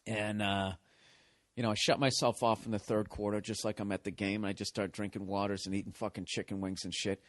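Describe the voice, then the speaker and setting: A man's voice: lowish voice, flat delivery, a little fast. Brief: a male comedy podcast host, profane and sarcastic, ranting through a story.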